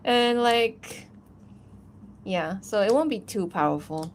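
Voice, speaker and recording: A woman's voice: mid-range voice, expressive, takes it slowly, a little hiss or hum. A woman animator chatting casually on a livestream, rambling and giggling, with lots of fillers. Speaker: animator streaming while answering chat.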